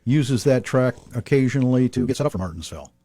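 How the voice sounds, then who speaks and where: Male co-host, easygoing and warm-toned, dry close mic. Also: mid-range voice, lively intonation, fast talker, dry recording. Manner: easygoing, adds short remarks. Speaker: co-host of a racing talk show. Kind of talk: casual radio show chat.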